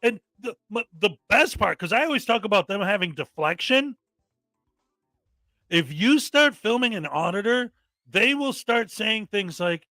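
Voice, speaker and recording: A man with a very high, sharply bright voice hosts a reaction commentary, exasperated and mocking as he rants. His sound is dry and close, with faint music underneath. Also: lively intonation, a little slow, no room sound. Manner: exasperated, mocking, often mimics people angrily. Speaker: commentary host.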